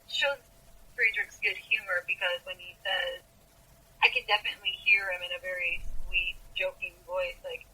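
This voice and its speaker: Bright-voiced woman chatting about books. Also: fairly low pitch, steady tone, moderate pace, breathy edge, low-quality recording. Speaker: podcast co-host. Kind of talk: casual book discussion.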